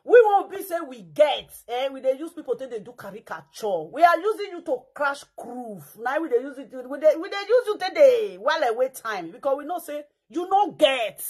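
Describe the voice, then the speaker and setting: A woman's voice: high voice, expressive, moderate pace, hardly any pauses. A woman with a Nigerian Pidgin accent giving dramatic, mocking commentary, breaking into chants and mock cries.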